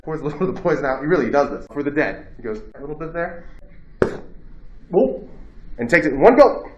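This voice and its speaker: A man's voice: mid-range voice, echoey room, slight background noise. A man giving a casual philosophy lecture to a class, talking conversationally and acting out quotes in a raised voice.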